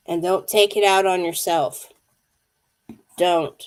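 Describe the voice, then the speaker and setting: A wheezy woman in her fifties hosts a live tarot reading, speaking intuitively and calling out viewers by name. Her voice sits low and her pace is slow and deliberate. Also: fairly even intonation. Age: 50s. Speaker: tarot card reader. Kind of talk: live-streamed card reading.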